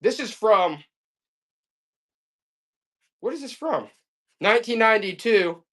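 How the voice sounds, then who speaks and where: A man's voice: sits high, lively intonation, slow, a bit bright. A man hosting a casual live-selling stream, rambling and getting fired up in folksy rants between items. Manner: folksy, calls listeners "boy". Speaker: live auction seller.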